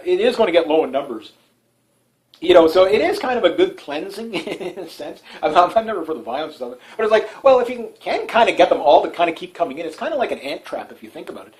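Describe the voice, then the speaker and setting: A man from Canada hosts a one-man talk show and delivers a loose political commentary monologue. He rambles, restarts his sentences and fills them with "uh" and "you know", and often chuckles at his own remarks. His speaking voice sits somewhat higher than most men's. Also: low-quality recording. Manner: rambling, many fillers and restarts, frequent chuckles.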